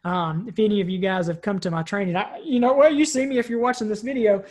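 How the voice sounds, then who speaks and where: A woman's voice: medium pitch, steady tone, quick pace, a little mellow. Chatty woman trainer asking "right?". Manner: conversational, frequent "right?" tag questions; repeats and restarts words while thinking. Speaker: personal development trainer. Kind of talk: recorded training talk.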